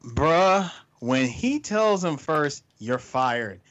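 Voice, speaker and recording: A man in casual chat, recapping a show and acting out its lines with big jumps in pitch. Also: unhurried, hardly any pauses. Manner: animated, acts out lines with big pitch swings.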